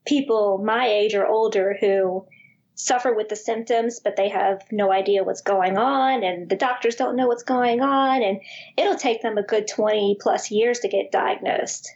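A woman's voice: medium pitch, a little slow, darkish tone, dull audio. A woman from the New Orleans West Bank with a local accent, a podcast guest talking plainly over a call. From West Bank of New Orleans, Louisiana. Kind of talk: casual podcast chat.

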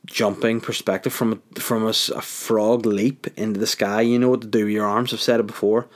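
A young man rambling through a crude comedic monologue, swearing constantly. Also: on the low side.

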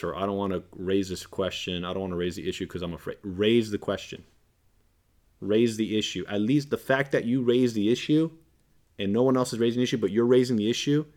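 A man with a fairly low voice speaks as a podcast guest. He talks in an earnest, preachy way, hammering points home by repeating them. He slips into quoted lines to act out conversations. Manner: repeats phrases for emphasis. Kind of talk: casual podcast discussion.

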